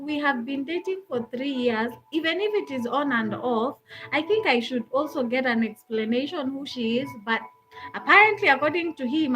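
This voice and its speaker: A Kenyan woman hosting a live talk, telling a personal story in an animated way and often breaking into laughter. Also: sits high, rough recording. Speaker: host.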